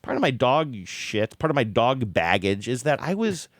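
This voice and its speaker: Rich A man in casual podcast chat, telling a story in a rambling, animated way and often correcting himself mid-sentence. His voice sits at an ordinary middle pitch. The sound is close and dry. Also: normal speed, no room sound. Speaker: podcast co-host.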